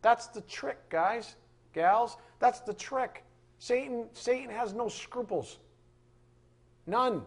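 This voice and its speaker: A man's voice: very high-pitched, slow pace, long pauses. A man preaching a sermon in an emphatic style, firing off rhetorical questions.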